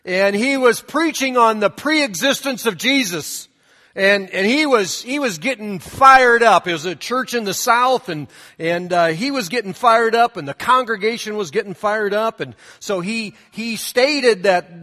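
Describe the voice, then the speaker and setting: A man's voice: sits high, a little slow, bright, forceful tone, big-room sound. A man preaching a sermon in a church, telling stories in a conversational way and reading scripture aloud. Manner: conversational storytelling with asides. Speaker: pastor. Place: church sanctuary.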